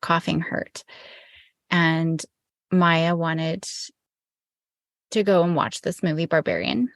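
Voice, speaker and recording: A middle-aged woman co-hosts a family podcast in a loose, rambling way, often stopping and correcting herself mid-story. Her voice sits fairly low and carries a gravelly fry. The recording is close and dry. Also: fairly even intonation, takes it slowly, no room sound. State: recovering from illness. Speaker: podcast co-host. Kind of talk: casual chat.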